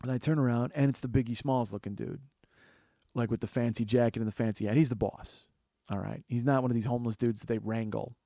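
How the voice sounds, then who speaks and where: Animated swearing comedian telling a story. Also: male voice, mid-range voice, fast talker, vocal fry, no room sound, clean studio sound. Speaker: comedian host. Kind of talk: comic storytelling monologue.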